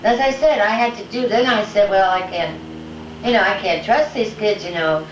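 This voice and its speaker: An older woman being interviewed at home, telling lively family anecdotes and acting out the voices of her family. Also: mid-range voice, moderate pace. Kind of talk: casual storytelling at home. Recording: echoey room, distant mic, dull home-video sound with faint hiss.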